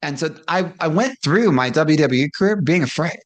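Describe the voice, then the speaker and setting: Speaking at normal speed in a low-pitched, animated voice, a former professional wrestler tells stories as a guest. The chat is casual; she's frank, laughs often and acts out quotes.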